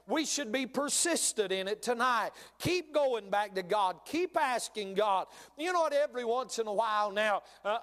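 A man's voice: very high-pitched, a bit bright, long reverb tail. A middle-aged man preaching a sermon in a church, folksy and repetitive, with many "uh" fillers and sudden emphatic bursts. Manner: folksy, repeats phrases, frequent "uh" fillers, rising emphatic bursts. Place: church sanctuary.

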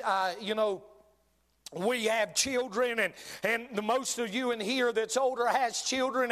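Preacher guy, really high voice, goes from shouting to hushed slow words mid sermon. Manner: impassioned preaching, swings from loud to hushed and drawn out. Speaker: pastor.

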